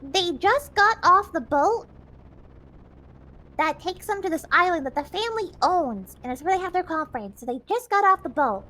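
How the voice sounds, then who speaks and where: A woman's voice: very high voice, lively intonation, normal speed, pushed and bright. A woman hosting a game stream, chatting casually, giggling often and explaining the story to her co-hosts. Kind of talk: casual chat.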